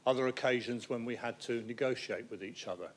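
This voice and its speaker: A man's voice: mid-range voice, brisk. A man giving a council meeting tribute speech, anecdotal and wry, sometimes stumbling over repeated words. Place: council chamber.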